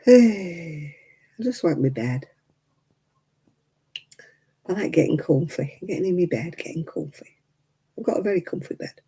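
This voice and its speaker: A woman's voice: deep voice, lively intonation, moderate pace, pauses often, dark tone, slightly rough, rough recording. A woman in her seventies chatting casually and rambling with chuckles while she hosts a crafting livestream. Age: 70s. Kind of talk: casual chat.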